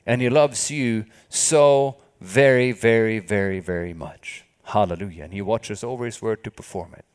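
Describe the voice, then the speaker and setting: A man preaching a sermon with fervor, often stopping to say hallelujah. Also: medium pitch. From not from the country where he studied. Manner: fervent, repeats hallelujah often.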